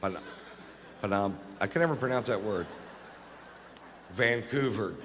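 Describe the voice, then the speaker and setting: Deep-voiced, laid-back profane comedian. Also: male voice, measured pace, a bit bright. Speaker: stand-up comedian. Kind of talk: stand-up storytelling. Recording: reverberant hall, faint noise.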